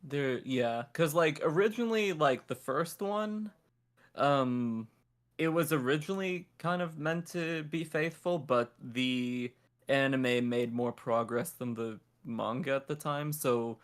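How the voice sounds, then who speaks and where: A man's voice: medium pitch, slow pace. A man in a casual chat, talking enthusiastically and rambling with fillers. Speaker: guest.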